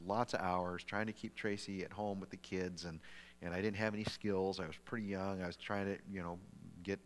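Low-voiced pastor man in a reverberant hall. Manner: conversational, animated asides, repeats words when restarting. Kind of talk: sermon. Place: church sanctuary. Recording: long reverb of a large hall.

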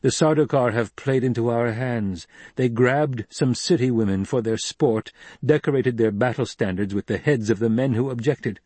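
Man doing young desert war leader, authoritative, measured, husky, dry. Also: medium pitch, darkish tone, no echo, close to an everyday voice. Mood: reasoning. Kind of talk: audiobook character reading.

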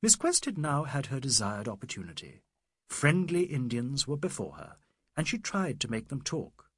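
A man reads a novel aloud in a measured, literary way. His husky voice swings widely in pitch across each sentence, and the recording is dry and close with no room sound. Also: huge pitch swings, fairly bright tone, no room sound. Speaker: audiobook narrator. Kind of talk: scripted narration.

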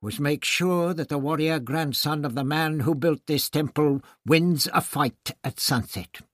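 A man's voice: fairly high pitch, unhurried, fairly bright tone, no room sound, studio quality, pitched above the performer's own voice. A man reading an audiobook, voicing a testy, sly elderly man with a wry, slightly breathless manner. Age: older. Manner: gasping, wry.

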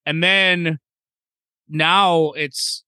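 A man co-hosting a sports podcast, talking in an excitable, casual way, swearing freely and repeating his points. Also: on the high side, drawn-out words, smooth, dry recording. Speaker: podcast co-host.

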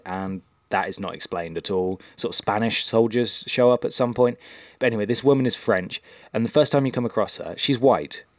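Man, podcast co-host, low voice, dry sound, rambling, lots of um and uh. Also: no echo. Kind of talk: casual chat.

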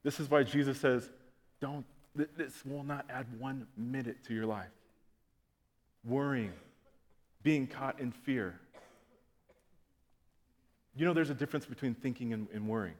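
Animated preacher in a reverberant hall. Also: male voice, mid-range voice, unhurried, long pauses. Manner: animated, comic storytelling, swings from loud to quiet. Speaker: pastor. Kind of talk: sermon with acted-out stories. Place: church auditorium, on stage.

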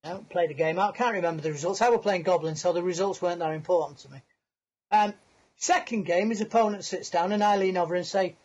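A man's voice: high voice, quick pace, a little mellow. A man, a podcast guest on a video call, telling a long anecdote in a chatty, self-mocking way and laughing through his story. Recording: muffled lo-fi call audio.

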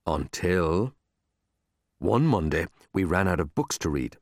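A man narrating a children's book aloud in a lively, expressive storytelling manner, close to the mic. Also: low voice, takes it slowly, no echo. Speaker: audiobook narrator.

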